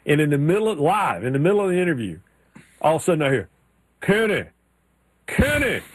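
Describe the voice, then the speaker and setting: A man co-hosting a sports talk show, his voice sitting a little high and recorded very dry and close. He tells stories in a loose, animated way, slipping into drawled impressions. The chat stays casual throughout. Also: racing, dry recording. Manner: animated storyteller, mimics drawls in anecdotes. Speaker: sports radio co-host.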